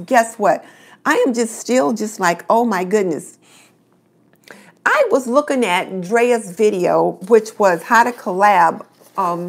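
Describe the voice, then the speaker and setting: A middle-aged woman hosting a casual live stream, chatting and greeting viewers by name. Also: medium pitch.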